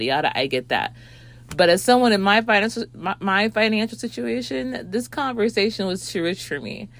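A woman reviewing a movie in a rambling casual chat, with lots of fillers and swearing. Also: sits low.

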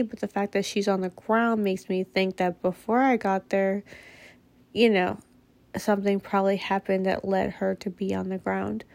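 A woman's voice: medium pitch, little pitch movement, moderate pace, vocal fry, a little mellow, no echo. A mother telling a personal story in a casual, candid way. She speaks bluntly and swears freely.

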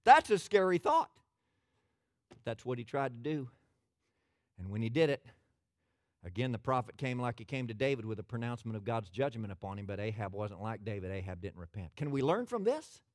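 A man preaching a sermon as pastor, folksy and animated, asking his listeners questions. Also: fairly low pitch, brisk, dry recording, studio quality.

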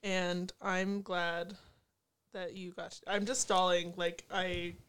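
Blunt, swearing young woman, smooth voice. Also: on the low side, flat delivery, a bit bright, no echo. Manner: blunt and profane, quick to laugh. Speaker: podcast co-host. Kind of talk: casual chat.

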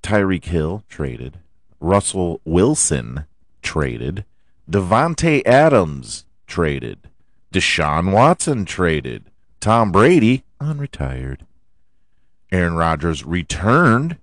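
A man hosting a podcast, hoarse from allergies and often clearing his throat, ranting about football with lots of swearing and rhetorical questions. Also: deep voice, sing-song, drawn-out words, dry recording, clean studio sound. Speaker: podcast host. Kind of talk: casual sports rant.

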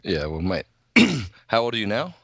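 A man's voice: on the low side, big pitch swings, unhurried, vocal fry, fairly bright tone, no echo. A man with a New Zealand accent, a nutrition coach as a podcast guest, friendly and chatty with some stammered restarts. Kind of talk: casual interview chat.

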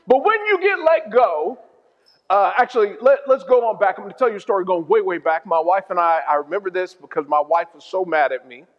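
A middle-aged man preaching a sermon, telling stories in an animated, humorous way. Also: high voice, fast talker, few pauses. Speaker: pastor. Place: church hall. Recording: dull sound in a reverberant hall.

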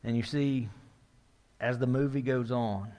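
A man's voice: mid-range voice, steady tone, measured pace, warm tone. A middle-aged man preaching a sermon as pastor, talking conversationally, often checking in with the room, his voice building as he retells a story. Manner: conversational, asks the room "right?", builds in intensity while retelling. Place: church sanctuary. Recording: long hall reverb.

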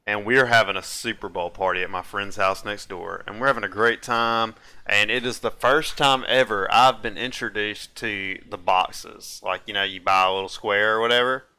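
A man in his twenties co-hosting a casual movie-review podcast, telling stories in an animated way and laughing often. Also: fairly low pitch, normal speed, clean tone. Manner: animated storyteller who acts out quotes and laughs often. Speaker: podcast co-host.

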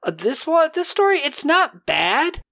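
A podcast host casually recapping an episode, animated and profane, dropping into quick character voices. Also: high voice, creaky.

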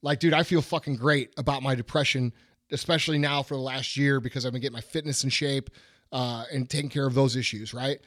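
A man's voice: mid-range voice, steady tone, fairly quick, a bit bright, no room sound, studio quality. A middle-aged man hosting a podcast, ranting bluntly and profanely in casual chat. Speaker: podcast host.

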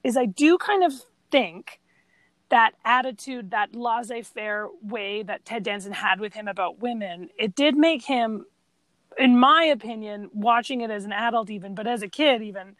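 A woman with a fairly high voice chats easily about a film, agreeing and recapping scenes. The recording is dry and close. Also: moderate pace, fairly bright tone, dry recording. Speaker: podcast co-host. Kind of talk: casual film discussion.

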